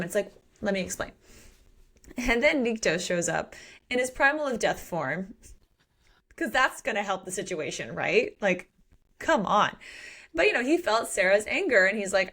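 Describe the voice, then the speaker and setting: Woman podcast host, chatty and expressive, riffing on a fantasy novel with friend. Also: medium pitch, normal speed, long pauses. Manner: animated retelling with acted-out quotes and swearing. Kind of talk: casual book chat.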